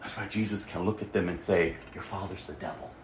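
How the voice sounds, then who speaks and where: A man preaching a sermon as pastor, emphatic, swinging from quiet asides to loud exhortation. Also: deep voice, steady tone, fairly quick, echoey room, a little hiss or hum.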